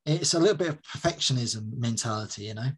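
A man as a guest in a casual chat, talking in an animated way and laughing often. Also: medium pitch, quick pace, breathy edge.

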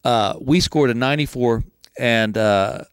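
A male comedian, telling a comic story and chatting as an interview guest, animated and acting out the people in it. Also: mid-range voice, a little slow, smooth, no room sound. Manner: animated, acts out voices, laughing through the story.

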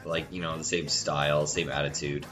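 A man talking loosely about old alternative bands, his voice sitting very low, with a bright, forward edge. A cold has him congested, which thickens his usual nasal sound. Faint music plays behind him. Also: little pitch movement, normal speed. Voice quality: normally nasal voice. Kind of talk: casual chat about 90s music.

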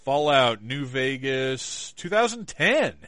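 A man co-hosting a podcast, talking through a movie in a relaxed, rambling way with fillers. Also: mid-range voice, slow pace, no room sound. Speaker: podcast co-host. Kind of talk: casual film discussion.

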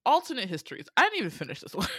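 Woman, casual chat, animated, swearing, wide pitch swings, dry sound. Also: husky, dry recording. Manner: animated, swears freely, laughs often.

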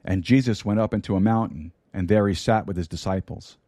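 A man's voice: lowish voice, fairly quick, dark tone, dry recording. A man preaching a sermon into a studio microphone, repeating key lines and dropping in light humor. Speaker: pastor. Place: broadcast studio.

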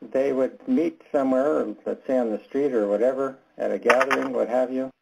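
A man leading a Bible study discussion, talking in a halting, earnest and direct way, often repeating his words. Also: medium pitch, steady tone, vocal fry, noisy background. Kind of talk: candid group Bible discussion.

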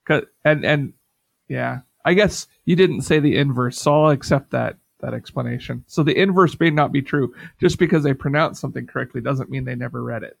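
Gravelly-voiced man telling rambling stories. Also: mid-range voice, fairly quick, no room sound. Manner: rambling storyteller, many "like" fillers. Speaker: podcast co-host. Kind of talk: casual podcast chat.

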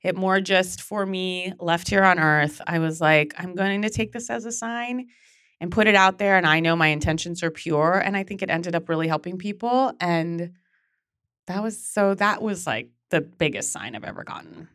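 A woman in her thirties, a podcast guest and memoir author, telling personal stories in a chatty, animated way with casual swearing. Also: lowish voice, normal speed, clear, resonant tone, no echo, clean studio sound. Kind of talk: candid storytelling.

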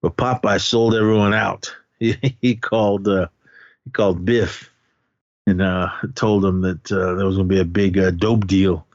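A man's voice: low voice, steady tone, moderate pace, dry recording. A man casually recapping a film on a podcast, rambling and acting out the characters' lines. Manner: rambling retelling with acted-out quotes. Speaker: podcast co-host. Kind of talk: casual movie recap chat. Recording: dull lo-fi audio.

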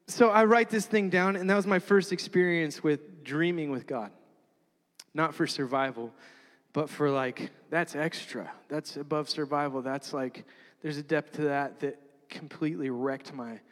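A man with a fairly high voice tells a sermon story, bouncing between jokes and earnest reflection. His voice rings out with a long reverb from a large hall. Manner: animated, laughing, self-mocking asides. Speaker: preacher.

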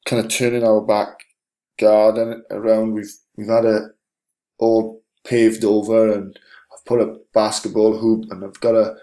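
A middle-aged man with a fairly low voice hosts a podcast in relaxed conversation. He rambles a little, with frequent ums and false starts. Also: a little slow. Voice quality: rambling, with many fillers and restarts. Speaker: podcast host. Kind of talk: casual chat.

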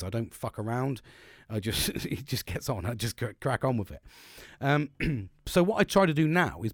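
A man's voice: mid-range voice, no echo, clean studio sound. A middle-aged man hosting a podcast, talking bluntly and casually, swearing often and rambling with restarts. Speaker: podcast host.

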